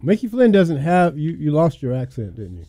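A man's voice: on the high side, huge pitch swings, moderate pace, dark tone, no echo. A man hosting an afternoon talk radio show, upbeat, plugging the station and asking short questions. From American South. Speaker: radio host. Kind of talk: casual radio chat.

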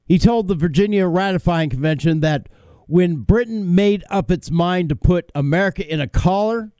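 A man's voice: sits high, moderate pace, warm tone, smooth, dry recording. A man hosting a talk radio show, delivering an opinionated monologue in a combative, emphatic way, with fillers and repeated words.

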